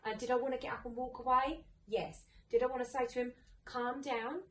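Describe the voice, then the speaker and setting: A woman's voice: on the high side, steady tone, fast talker. A woman hosting a parenting podcast, chatting candidly and animatedly, swearing freely and acting out other people's voices. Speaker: podcast host, mum. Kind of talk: casual chat. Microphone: distant mic in an echoey room. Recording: roomy echo, distant mic, faint noise.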